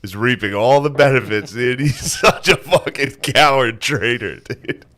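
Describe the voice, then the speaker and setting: A man's voice: medium pitch, unhurried, pushed and bright. A man co-hosting a comedy podcast in casual chat, with crude, teasing, laid-back banter. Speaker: podcast co-host.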